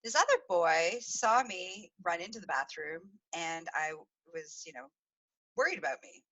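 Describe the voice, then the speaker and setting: This woman hosts a podcast and tells a confessional story in a loose, rambling way, laughing between thoughts. Her voice is bright, with a lively, swinging pitch. She talks casually, with plenty of fillers and restarts. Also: moderate pace, highs cut off. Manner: chatty, giggly storytelling with frequent laughs. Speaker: podcast host.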